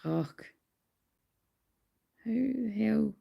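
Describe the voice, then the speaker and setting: A woman's voice: fairly high pitch, animated, drawn-out words, gravelly, breathy edge, highs cut off. A Scottish woman chatting on a live stream as a tarot card reader, rambling and swearing casually while tired in bed at home.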